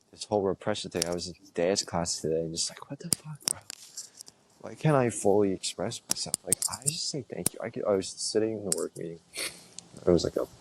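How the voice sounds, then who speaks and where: A young man with a deep, low voice talks through a loose, rambling solo podcast episode. He is laid-back and slangy, leaning hard on filler words, with a faint noise floor behind him. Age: young adult. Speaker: podcast host. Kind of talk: casual rambling monologue.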